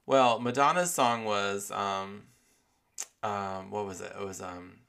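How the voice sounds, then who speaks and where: A man's voice: fairly low pitch, takes it slowly, gravelly, fairly bright tone, clean tone. A man hosting a podcast, talking in a rambling, profane way with many filler words, his voice affected by allergies. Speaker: podcast host. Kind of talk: casual monologue podcast.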